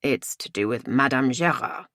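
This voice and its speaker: A woman reading as a bluff, hearty middle-aged man, jolly and a bit pompous, pitched low. The audiobook voice is dry and close to the mic. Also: moderate pace, a bit bright, dry recording.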